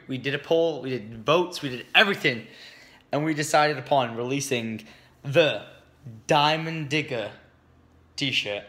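A young man from England vlogging casually, excitable and swearing a lot, with bursts of shouting. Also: medium pitch. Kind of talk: casual vlog chat.

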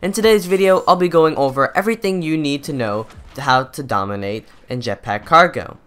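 A man's voice: fairly high pitch, a little fast, a bit bright, clear, resonant tone. A young man reading a methodical, scripted gameplay tutorial voice-over into a close microphone. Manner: methodical, instructive. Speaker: gaming YouTuber.

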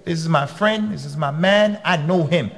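A man giving a religious lecture as a preacher, talking bluntly and conversationally with sudden emphatic jumps in pitch. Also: normal speed, creaky. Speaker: preacher and khatib. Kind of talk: lecture to a congregation.

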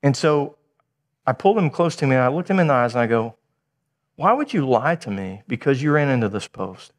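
Man preaching with animated storytelling. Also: mid-range voice, a little fast. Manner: animated storytelling, acting out dialogue. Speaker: pastor. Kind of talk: sermon.

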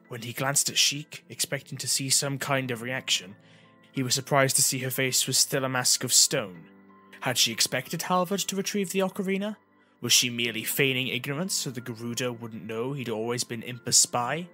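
A man reading an audiobook chapter as narrator, in an even storytelling manner. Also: mid-range voice, normal speed, faint music behind. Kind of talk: scripted narration.

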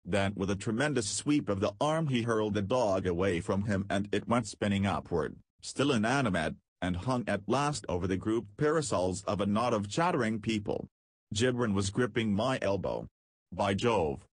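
A man reading a story aloud as an audiobook narrator, with a measured storytelling delivery. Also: lowish voice, breathy edge, no echo. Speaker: audiobook reader. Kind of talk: scripted narration.

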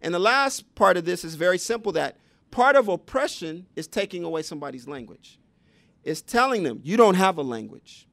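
A man's voice: sits high, very animated, brisk, creaky, a bit bright, no room sound. A man giving a public lecture on education, teaching conversationally and asking the audience rhetorical questions. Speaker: education speaker.

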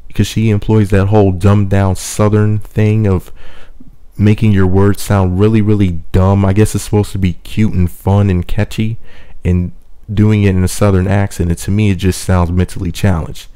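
A man reviewing a song for his channel in a casual, opinionated way, reading lyric quotes slowly and weighing each point. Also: lowish voice, flat delivery, dark tone, clean tone. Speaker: music reviewer, channel host.

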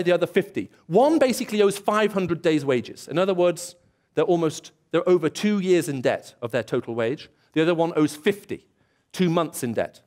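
A man preaching a sermon in a church, telling stories and acting out bits of dialogue. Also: sits high. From England. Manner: storytelling, acts out dialogue and voices.

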